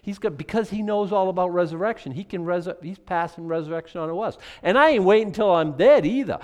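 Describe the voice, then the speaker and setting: An older man preaching a sermon in a conversational, animated way, with asides and acted quotes. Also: high-pitched, fast. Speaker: pastor.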